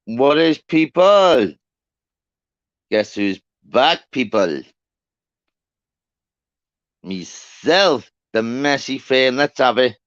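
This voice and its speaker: A man, hosting a casual live chat with viewers. He shouts out greetings, then drops into quiet, sombre talk. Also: medium pitch, animated, extremely slow, pauses often, smooth, dry recording, lo-fi sound. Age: 30s. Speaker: livestream host.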